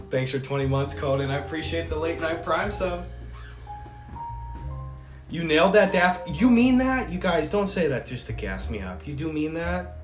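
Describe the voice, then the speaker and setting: A man streams casually, rambling, swearing and tossing in jokey asides as he reads chat messages aloud, while sounding a bit sick. His voice sits fairly high and is very animated at a normal speed. The room sounds spacious, with faint music in the background.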